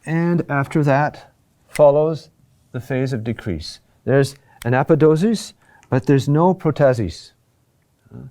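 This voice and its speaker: A middle-aged man teaching a class on chant, speaking deliberately with many pauses and fillers. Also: mid-range voice, warm tone. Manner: slow and deliberate, with frequent "uh" pauses. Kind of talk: classroom lecture.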